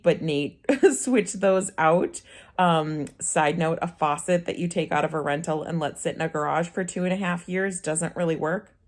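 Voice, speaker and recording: A woman in her thirties, a vlogger telling a personal story in a chatty way to camera, with easy laughs and restarts. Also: low voice. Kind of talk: casual chat to camera.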